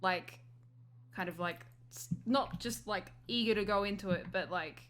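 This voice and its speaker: Bright-voiced woman playing a tabletop game. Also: mid-range voice, slight background noise. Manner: polite, tentative, quick laughs. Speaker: player.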